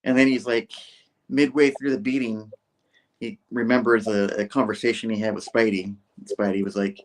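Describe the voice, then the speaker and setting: A man's voice: on the low side, level tone, normal speed. A man co-hosting a podcast who recaps a comic book casually and in a rambling way, leaning on "he's like" and "you know". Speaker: podcast co-host.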